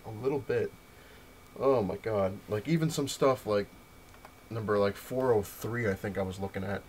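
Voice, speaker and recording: A man's voice: lowish voice, a little hiss or hum. A man casually vlogging about comic books, rambling and retelling conversations with lots of "I was like" asides. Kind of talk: casual vlog storytelling and comic review.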